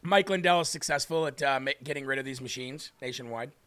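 A man hosting a call-in show, chatting casually and warmly with callers and signing off with blessings. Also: mid-range voice, fast talker, clean tone, no room sound. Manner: folksy, affectionate, religious sign-offs. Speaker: show host taking callers.

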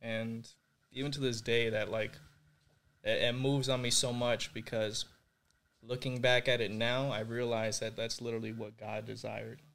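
A man's voice: mid-range voice, flat delivery, normal speed, a bit bright. Young adult male guest, earnest, reflective, filler-heavy, mid-range voice. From Puerto Rico. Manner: earnest and reflective, heavy use of "like" and "you know". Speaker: guest sharing his faith testimony. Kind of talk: candid interview conversation.

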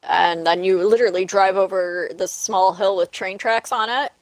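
Co-host, woman from Canada, middle pitch, casual and laughing. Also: steady tone, normal speed, poor audio. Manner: chatty, laughs often. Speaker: podcast co-host. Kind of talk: casual chat.

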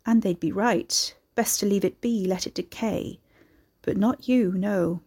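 A woman's voice: mid-range voice, measured pace, a little mellow, slightly rough. A woman reading aloud, putting on a shrewd, calculating older hostess with a faintly affected, probing manner. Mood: knowing.

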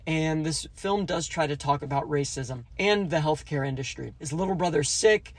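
A man's voice: a little high, no room sound. A man hosting a solo movie review podcast, ranting and joking in a mock-secretive way, acting out quoted lines in a raised voice. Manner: jokey, ranting, mock-conspiratorial. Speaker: podcast host.

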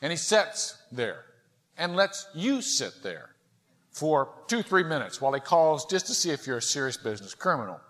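A middle-aged male pastor preaching a sermon, telling a story in an animated, self-mocking way. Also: a little high, moderate pace. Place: large church sanctuary. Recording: reverberant church sanctuary.

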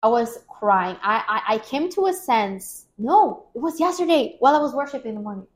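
Woman, podcast host, faith conversation, earnest and emotional, slightly high voice. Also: lively intonation, fairly quick. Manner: earnest, emotional testimony with many fillers.

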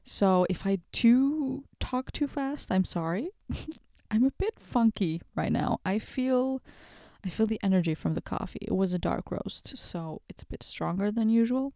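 Giggly unhurried woman podcast host. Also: mid-range voice, warm tone, no echo, studio quality. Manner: giggly, rambling, self-deprecating. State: wired on late-night coffee. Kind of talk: casual solo podcast chat. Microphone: podcast microphone.

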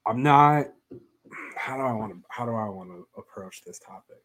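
A man's voice: medium pitch, moderate pace. A man on a podcast in loose, casual chat, telling a story with heavy emphasis and frequent swearing. He leans hard on his words to insist he is right. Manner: animated, profane, emphatic storytelling. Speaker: podcast co-host.

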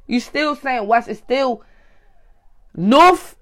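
Baltimore man, high pitch, blunt profane vlog rant, keeps checking in with the listener. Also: animated, normal speed, a bit bright. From Baltimore, USA. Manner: profane, emphatic, keeps saying "you feel me". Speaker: vlogger. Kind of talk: casual ranting monologue.

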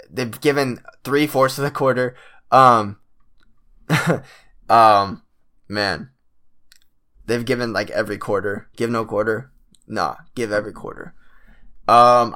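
A man giving a casual, rambling basketball fan rant, slangy and profane, with lots of filler words, often working himself up to loud frustration. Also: mid-range voice, smooth. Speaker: sports fan vlogger.

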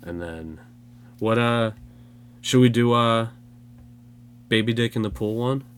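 A man's voice: mid-range voice, slow pace, clean tone. A young man co-hosting a podcast in loose, joking casual chat, rambling with plenty of fillers. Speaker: podcast co-host.

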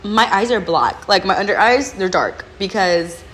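A woman's voice: mid-range voice, moderate pace, fairly bright tone. A young woman hosting a podcast, talking candidly and rambling about her hectic life while in back pain. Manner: candid, rambling, frequent "like" and "literally". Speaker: podcast host. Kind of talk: casual venting monologue. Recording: poor mic with faint background hiss.

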